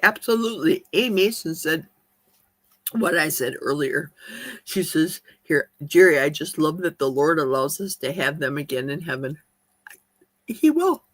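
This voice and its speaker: A woman's voice: low-pitched, sing-song, a little slow, no room sound. A woman chatting casually on a live stream, eating as she talks and reading viewer comments aloud in her kitchen. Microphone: streaming mic.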